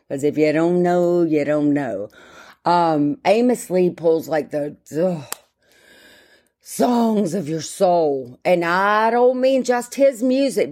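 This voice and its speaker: A woman, chatting casually as a podcast host, rambling, interrupting herself and filling gaps with ums. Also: fairly low pitch. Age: 50s. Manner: rambling, self-interrupting, many fillers. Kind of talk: casual solo chat.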